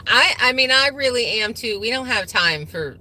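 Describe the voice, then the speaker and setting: A woman's voice: fairly high pitch, expressive, moderate pace, pushed and bright. A middle-aged woman co-hosting a casual live chat from inside a car, laughing often as she tells her story. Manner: laughs often and tells stories with a lot of feeling. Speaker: co-host of a farm channel.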